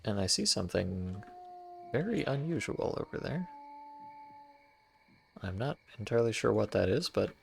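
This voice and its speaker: A man's voice: fairly low pitch, big pitch swings, normal speed, creaky, pauses often, slight background noise. A man streaming a game, giving wry, playful commentary to his chat as he explores. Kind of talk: casual gameplay commentary.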